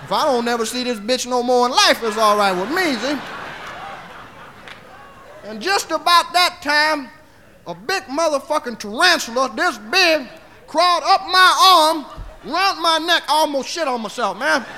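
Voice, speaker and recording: Man, rowdy profane comic storyteller, very high voice, laughs through his lines. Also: lively intonation, normal speed, bright, forceful tone, slight background noise. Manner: rowdy, laughing as he talks, acting out the scene. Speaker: comedian.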